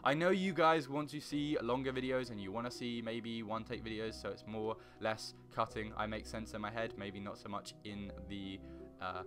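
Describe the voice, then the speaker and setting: A young gaming YouTuber rambles goofily through casual let's play commentary on Minecraft, now and then bursting into loud, high singing and silly noises. His intonation is fairly even and his speed normal, with faint guitar music in the background.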